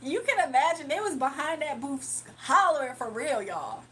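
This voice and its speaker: A woman's voice: high voice, big pitch swings, moderate pace, sharp tone, a little hiss or hum. A young woman hosting a casual livestream, laughing often and chatting in slang with her viewers. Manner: laughs often, slangy, reads chat aloud. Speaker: livestream host. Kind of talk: casual live-stream chat with viewers.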